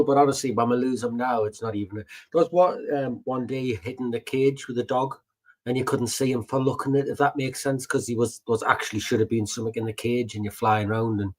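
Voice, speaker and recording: A man, co-hosting a podcast and telling family stories in casual chat, full of fillers and the odd swear. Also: mid-range voice. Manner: chatty, swears, tells stories with many fillers. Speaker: podcast co-host.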